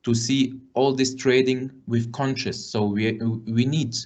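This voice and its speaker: A man explains a point about trading in halting speech, with many fillers as he works his way through an analogy. His voice sits at an ordinary male pitch. The recording sounds dull and lo-fi. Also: fairly even intonation, a little mellow. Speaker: trading coach. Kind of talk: casual explanation. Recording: dull lo-fi audio.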